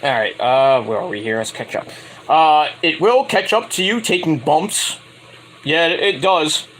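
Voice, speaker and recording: A man's voice: fairly high pitch, lively intonation, a little slow, fairly bright tone, slight background noise, rough recording. A man ranting in a casual, rambling, profane style as a wrestling vlogger.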